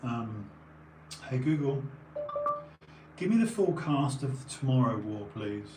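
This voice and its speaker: A mid-range male voice, animated yet at a measured pace, rambles casually on a stream, digressing and restarting while tired and sniffly. Faint background noise and echo surround him.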